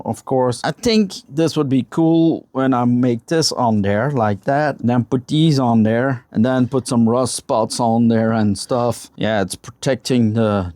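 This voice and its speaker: A man casually showing his model truck build in a home workshop, talking in a halting way as he searches for words. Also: medium pitch, darkish tone, no echo. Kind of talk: casual vlog walkthrough. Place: home workshop with a spray booth.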